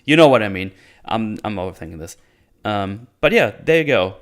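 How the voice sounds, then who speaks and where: This man reviews videos with casual, rambling commentary in a lowish, sing-song voice at an ordinary pace. He's sarcastic and keeps breaking into laughter.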